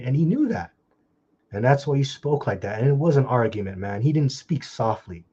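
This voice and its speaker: A man giving an informal scripture talk, blunt and scolding with mocking asides, and reading the verses slowly. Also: mid-range voice, mellow, slightly rough, lo-fi sound. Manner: slow, drawn-out scripture reading. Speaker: preacher.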